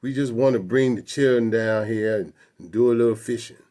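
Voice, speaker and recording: A man's voice: medium pitch, brisk, dark tone, close to an everyday voice. A man voicing an elderly grandfather who placates a police officer with nervous, repeated "yes, sir" replies. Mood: placating. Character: elderly Black grandfather, forcedly deferential to police.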